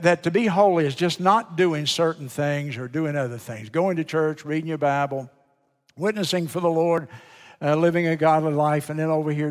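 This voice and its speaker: A man with a Southern American accent preaching a sermon as pastor, swinging between loud emphasis and hushed lines. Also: fairly high pitch. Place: church sanctuary. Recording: church hall with long reverb.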